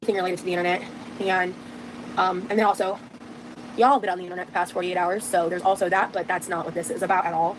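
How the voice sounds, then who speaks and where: A woman's voice: on the low side, little pitch movement, quick pace, noisy background. A woman vlogger talking candidly to the camera while moving around her home. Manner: candid, talks straight to camera. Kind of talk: confessional home vlog.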